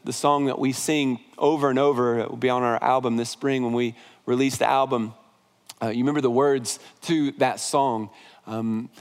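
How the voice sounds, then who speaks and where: A male pastor preaching a sermon in a conversational way, often repeating words and restarting phrases. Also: on the high side. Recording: long hall reverb.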